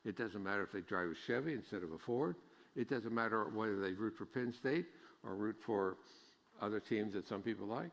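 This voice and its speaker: A man's voice: on the low side, fairly quick, gravelly. A middle-aged man preaching a sermon as pastor, folksy and joking, rising to emphatic preaching. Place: church sanctuary. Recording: long church reverb.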